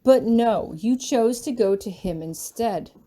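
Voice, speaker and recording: A woman's voice: medium pitch, measured pace, natural voice. A woman reading as a stern, bitter male professor. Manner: cold and clipped, erupting into shouts.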